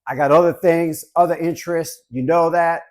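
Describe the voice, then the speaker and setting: Casting: man in his fifties, collectibles host from Southern California, chatty and joking, slightly higher voice. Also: fairly even intonation, normal speed, a little mellow. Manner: chatty, joking, repeats "guys". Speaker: collectibles reviewer. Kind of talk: casual chat to camera.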